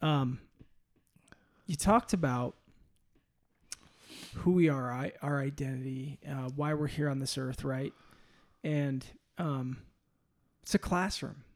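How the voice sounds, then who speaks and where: A man hosting a podcast interview, speaking with enthusiasm and restarting his sentences as he frames a question. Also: medium pitch. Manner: enthusiastic, halting with fillers and restarts. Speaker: podcast host. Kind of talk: conversational interview.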